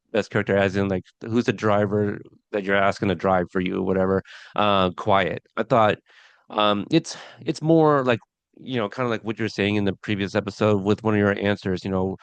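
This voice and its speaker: A man's voice: lowish voice, clear, resonant tone, dry recording. A man co-hosting a podcast review of a TV episode, talking casually with lots of fillers and restarts. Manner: chatty, many fillers and restarts.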